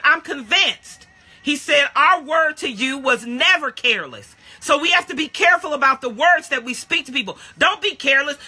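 A woman in her fifties preaching a sermon, emphatic and folksy, calling out to her listeners and bursting into shouts. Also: fairly high pitch, breathy edge. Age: 50s. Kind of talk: lively sermon teaching.

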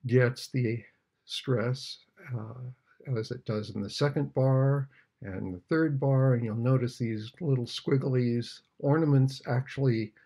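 An older man giving an unhurried, thoughtful music lesson, sometimes singing out rhythms. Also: medium pitch, warm tone, husky. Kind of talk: relaxed video lesson on music.

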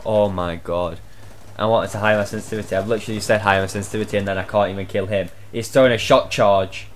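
A young man giving loud, swear-filled live commentary on his own gameplay, shouting out reactions as he plays. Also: lowish voice, steady tone, fast, a little hiss or hum. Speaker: gaming channel host.

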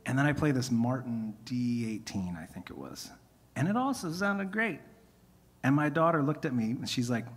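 Husky man, tired singing voice, rambling onstage storyteller, live concert stream with long hall reverb. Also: mid-range voice. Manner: rambling, self-interrupting, chatty. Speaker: singer-songwriter performing live. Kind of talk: casual storytelling between songs. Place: music venue stage.

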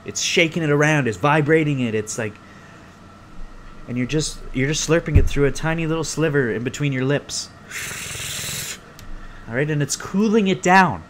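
Rambling profane young podcast host. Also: male voice, on the high side, moderate pace, pauses often, a little hiss or hum. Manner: rambling, profane, animated storytelling. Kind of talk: casual solo podcast rant. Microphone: close podcast mic.

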